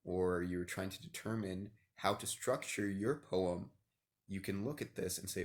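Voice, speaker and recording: A deep-voiced man teaches poetry in a relaxed video lesson. He counts syllables aloud and reads verse slowly. His voice rings in a roomy echo.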